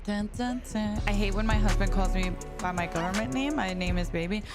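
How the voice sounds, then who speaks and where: A young woman chats with her stream viewers while she games, loose and playful, with a good deal of swearing and laughter. Her voice sits at an ordinary middle pitch. Music plays clearly behind her. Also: fast talker. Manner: chatty, swearing, laughing often, playful banter with chat. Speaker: live streamer. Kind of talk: casual live-stream chat while gaming.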